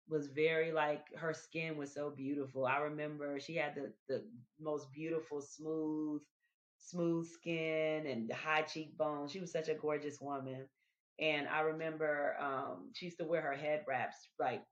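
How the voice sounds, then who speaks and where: A woman's voice: low-pitched, unhurried. A woman hosting a podcast, talking to listeners in a casual, reflective monologue, often repeating her words as she goes. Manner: chatty, repeats words, addresses listeners directly. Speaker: podcast host. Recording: dull lo-fi recording.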